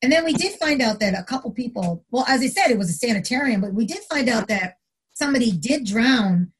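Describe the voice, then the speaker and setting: Speaking briskly, with a little hiss or hum on the audio, a middle-aged former corrections officer casually tells a story during an interview. She performs the quotes with lively, big pitch jumps.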